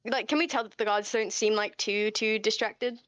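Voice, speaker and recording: A woman playing a tabletop game, chatting casually and hesitantly, with many pauses to think. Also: medium pitch, steady tone, a bit bright, no room sound. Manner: hesitant, full of fillers and restarts. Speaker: player.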